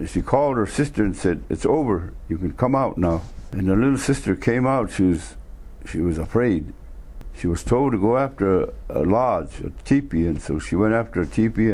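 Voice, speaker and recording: A man retelling a traditional legend in an unhurried, plain-spoken way, pausing and restarting as he goes. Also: lowish voice, a little mellow. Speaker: storyteller. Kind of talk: oral legend telling.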